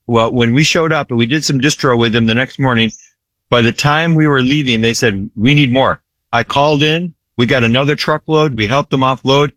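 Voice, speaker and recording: A man's voice: mid-range voice, fairly quick, a bit bright, dry recording. A man who works in disaster relief ministry, telling his story earnestly in an interview, repeating phrases for emphasis and often asking "right?".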